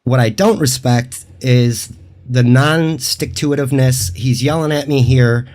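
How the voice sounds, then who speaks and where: A man's voice: medium pitch, fairly even intonation, unhurried, a little mellow. Man with an odd voice, rambling. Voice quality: unusual-sounding voice. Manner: loose, rambling, often restarts. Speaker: co-host. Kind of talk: casual commentary chat.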